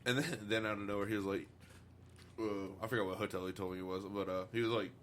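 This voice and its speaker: A man's voice: on the low side, fairly even intonation, quick pace, a bit bright, slight background noise. A man telling work stories in casual podcast chat, laughing often and swearing freely. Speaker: podcast co-host.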